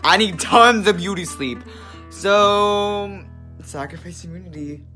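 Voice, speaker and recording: A man's voice: high voice, takes it slowly, pushed and bright, faint music behind. A man giving a sassy, dramatic confessional as a reality game contestant.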